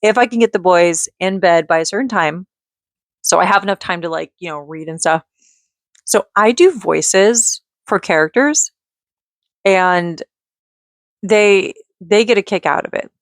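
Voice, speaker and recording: A woman vlogging in a casual, rambling way, chatty and quick to giggle as she drifts off on tangents. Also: on the low side, no echo, studio quality. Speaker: vlogger and mother.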